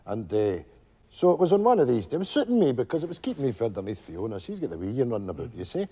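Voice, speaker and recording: An actor playing an older widowed Glasgow pensioner with a Glaswegian Scottish accent, telling a rambling stage monologue full of "you know" asides. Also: male voice, medium pitch, very animated, rapid-fire, mellow, slightly rough. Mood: wistful storytelling. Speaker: stage character telling a story to friends.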